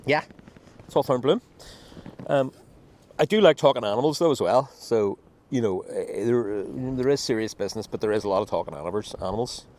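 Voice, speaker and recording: A man's voice: medium pitch, expressive, fairly quick, darkish tone. A man casually demoing an app he built, rambling with many ums and restarts, recorded outdoors on a beach with a clip-on mic. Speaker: app builder demoing his work. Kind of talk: casual screen demo talk. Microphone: wireless clip-on mic.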